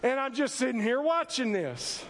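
A man preaching a sermon, telling folksy stories with sudden loud emphasis. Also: extremely high pitch, sing-song, moderate pace, in a large hall, a little hiss or hum. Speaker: pastor. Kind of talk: sermon with personal storytelling. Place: church sanctuary.

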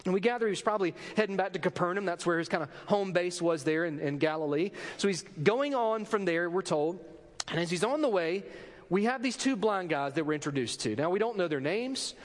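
A man preaching a sermon, telling a story with lively drama and acting out the voices of the people in it. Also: high-pitched, a little fast, in a large hall. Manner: animated storytelling preacher, acts out the quoted pleas. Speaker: pastor.

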